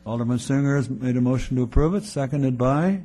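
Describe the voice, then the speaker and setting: Brisk man chairing a meeting. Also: medium pitch, mellow, slight background noise. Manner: brisk, reads agenda items aloud. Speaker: committee chairman. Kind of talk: formal meeting procedure.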